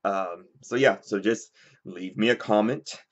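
Young male vlogger, low-ish voice, rambling casual delivery, muffled lo-fi recording. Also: unhurried. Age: young adult. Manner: rambling, lots of fillers, switching between a soft and a deep voice. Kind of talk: casual talk to camera.

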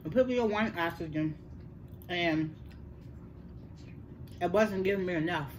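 A woman's voice: on the low side, a little slow, slight background noise. Older woman telling a story. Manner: animated, repeats words for emphasis, addresses listeners as y'all. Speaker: host. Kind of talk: casual storytelling.

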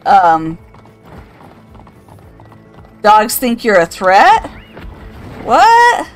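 A woman's voice: medium pitch, expressive, a little slow, soft background music. An older woman streaming a game, chatting casually, reading out chat and laughing often. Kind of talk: casual live-stream chat while gaming.

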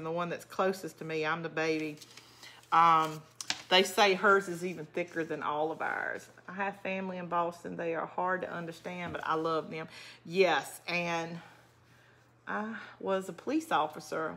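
Fairly low in pitch yet pushed and bright, her voice carries through a relaxed live craft stream. She's a middle-aged South Georgia woman running a craft channel, crafting while she chats with viewers and replies to their comments.

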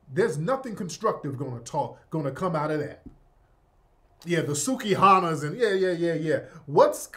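A male host giving opinionated commentary, sardonic and emphatic, often tagging his points with "yeah?". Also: fairly high pitch.

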